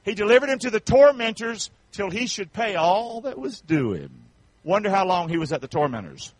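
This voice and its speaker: Male pastor, high lively voice, dry close sound, fiery folksy sermon with call-and-response. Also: normal speed, dry recording, rough recording. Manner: preaching with call-and-response, swinging from shouts to hushed tones; folksy, colloquial phrasing.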